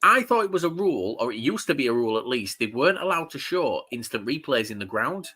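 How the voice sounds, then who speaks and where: A man's voice: medium pitch, big pitch swings, fast, pushed and bright, breathy edge. A man co-hosting a casual football watchalong chat, jokey and full of banter. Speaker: podcast co-host.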